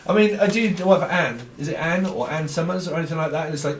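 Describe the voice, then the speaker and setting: A man giving a rambling tarot reading, talking fast, jumping between ideas and laughing often. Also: fairly high pitch. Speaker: tarot reader. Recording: roomy sound from a distant mic.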